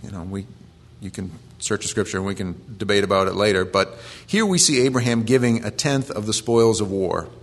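A man preaches in a relaxed, conversational way, quoting scripture and explaining it plainly. His voice sits low and carries a gravelly rasp. He sounds earnest rather than showy. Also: brisk. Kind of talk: conversational sermon.

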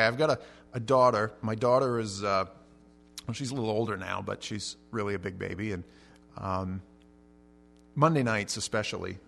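A middle-aged male pastor preaches in a lively, storytelling way. His voice jumps between loud, raised passages and soft, low asides, and he repeats words as he gets going. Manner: animated storytelling with big swings in pitch and loudness; repeats words when starting sentences. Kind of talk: sermon.

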